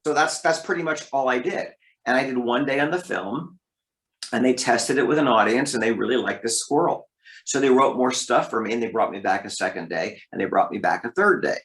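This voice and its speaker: A man who works as a voice actor, telling stories from his career as an interview guest, lively and leaping up in pitch for emphasis. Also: brisk. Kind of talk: interview storytelling. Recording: roomy echo.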